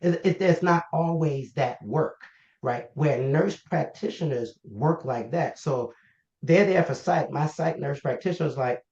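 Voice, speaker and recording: Animated storytelling man, roomy sound. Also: a little high, a little slow, highs cut off. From Baltimore, US. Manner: animated storyteller, acts out quoted exchanges. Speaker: guest, health organization founder. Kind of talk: conversational interview.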